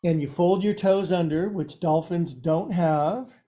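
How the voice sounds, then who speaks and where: A man's voice: on the high side, unhurried, dark tone. A man teaching a yoga class and guiding poses with a playful, joking manner.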